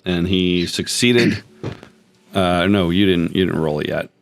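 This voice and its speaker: A man's voice: low-pitched, unhurried, faint music behind. A man narrating as game master, describing scenes in a loose, rambling way.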